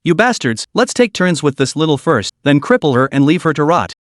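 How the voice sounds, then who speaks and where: A man's voice: on the high side, big pitch swings, fairly quick, no echo, studio quality. A man voicing a cruel enemy officer who threatens in a crude, menacing way.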